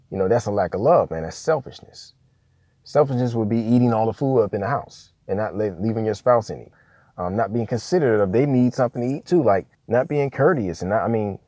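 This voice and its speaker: Man, low dark voice, emphatic scripture teacher who keeps checking "okay?", dry close sound. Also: no echo. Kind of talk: preaching talk on scripture.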